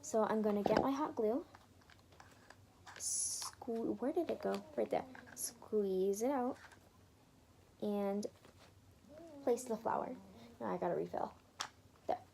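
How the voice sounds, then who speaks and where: A woman's voice: mid-range voice, takes it slowly, vocal fry, long pauses, heavy background noise. A woman hosting a casual DIY craft tutorial, chatting her way through each step and correcting herself as she goes.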